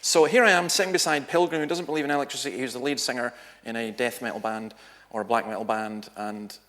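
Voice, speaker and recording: A man's voice: mid-range voice, fast. A middle-aged man, a minister, giving a talk in a church, telling anecdotes and acting out what people said. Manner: lively storyteller, acts out quoted voices.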